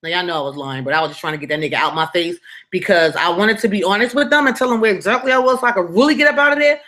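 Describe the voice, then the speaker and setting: A woman hosting a live story-time stream, telling a personal story in an animated, blunt and profane way and often checking in with "right?". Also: mid-range voice, very fast. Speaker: storyteller, channel host.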